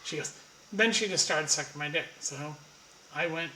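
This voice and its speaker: Brief: male storyteller, bright forceful tone, blunt and crude, echoey room. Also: fairly high pitch, normal speed, a little hiss or hum. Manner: blunt, profane, rambling. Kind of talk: casual anecdote storytelling.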